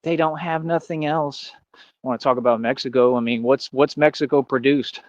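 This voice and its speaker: A man's voice: mid-range voice, fairly even intonation, moderate pace, no room sound, highs cut off. A young adult man, from Austin, delivering a boastful, taunting live-stream monologue full of slang and repeated catchphrases. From Austin, Texas.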